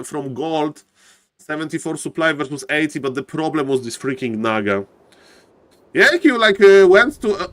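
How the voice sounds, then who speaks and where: A man casting a strategy game live on stream, excitable and chatty, often shouting with excitement and thanking viewers by name. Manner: excitable, repeats "ladies and gentlemen", bursts into high-pitched shouts. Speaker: game caster. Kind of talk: live-streamed esports commentary.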